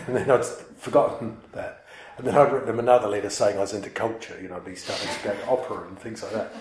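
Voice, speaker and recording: A man's voice: low voice, fast talker, darkish tone. A man telling a personal story to listeners in a rambling, self-mocking way. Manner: rambling, self-mocking, many fillers and restarts. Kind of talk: casual storytelling talk. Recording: echoey room.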